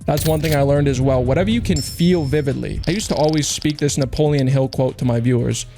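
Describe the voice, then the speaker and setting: A man's voice: mid-range voice, vocal fry, dark tone. A young man streamer rambling through a profane motivational monologue, intense and preachy. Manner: intense, rapid, profane, self-help preaching with mocking put-on quotes. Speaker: streamer opening cases. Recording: music playing underneath.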